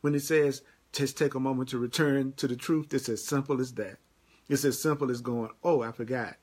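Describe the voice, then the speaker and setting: A man's voice: medium pitch, steady tone, fairly quick, a little mellow, slightly rough. A man giving a live-streamed spiritual teaching, emphatic and repetitive, answering viewer comments by name. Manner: repetitive, emphatic, repeats key phrases.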